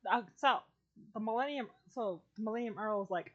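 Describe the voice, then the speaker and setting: A woman's voice: fairly high pitch, fairly quick, highs cut off. A woman chatting casually on a podcast, rambling through an anime plot with lots of fillers, restarts and swearing. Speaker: streamer and podcast guest. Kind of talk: casual chat.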